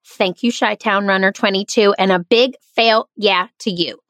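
A woman's voice: medium pitch, fairly even intonation, normal speed, a bit bright. A woman with a nasal twang and a Southern and Midwestern American accent, hosting her own podcast in an upbeat, playful way. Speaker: podcast host. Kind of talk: podcast host monologue.

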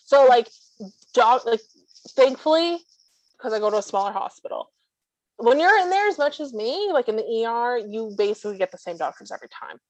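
A woman guest talking casually about life with her service dog, blunt and sarcastic with quick asides. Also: fairly high pitch, expressive, dry recording, rough recording. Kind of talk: casual chat.

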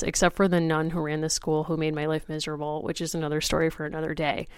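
A woman co-hosting a podcast, telling a comic story in a wry, animated way. Her voice is very smooth and clear and sits on the lower side. It is recorded close and dry. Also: fast talker, few pauses, no room sound. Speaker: podcast co-host. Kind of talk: casual chat and comic storytelling.

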